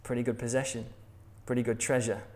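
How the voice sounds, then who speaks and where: A man's voice: mid-range voice, flat delivery, fairly quick. An English man preaching a sermon in a jokey, conversational way, laughing at his own jokes. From England.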